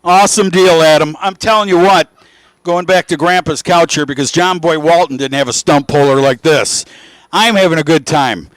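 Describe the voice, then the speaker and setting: A man in his sixties commentating live drag racing, telling folksy stories and shouting when the cars run. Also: on the high side, normal speed, no echo. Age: 60s. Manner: folksy storytelling, shouts with excitement at the action. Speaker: race commentator.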